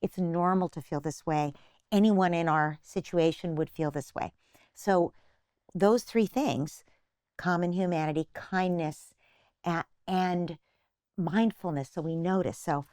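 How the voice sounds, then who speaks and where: Older lady therapist, low voice, patient explaining, acts out little quotes, dry sound. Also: measured pace, a little mellow, smooth, dry recording. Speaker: guest psychotherapist. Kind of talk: interview, explaining parenting advice.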